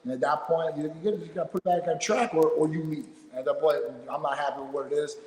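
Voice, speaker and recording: A man's voice: fairly high pitch, fast, slight background noise. Blunt man in a roomy echo. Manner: blunt, animated. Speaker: guest. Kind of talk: casual video call chat. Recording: echoey room with long reverb.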